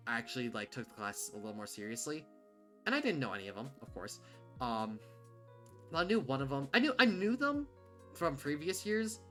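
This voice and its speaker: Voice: mid-range voice, a bit bright. A livestreamer chatting casually and bluntly, rambling with many fillers and restarts. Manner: rambling, full of "like" and "um", frequent restarts; candid, blunt, swears casually.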